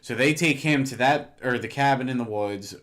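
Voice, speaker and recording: A man's voice: mid-range voice, normal speed, fairly bright tone. Man, podcast co-host, casual recap, corrective. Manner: corrects and fills in plot details, lots of "like" and "uh". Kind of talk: casual chat recapping a show.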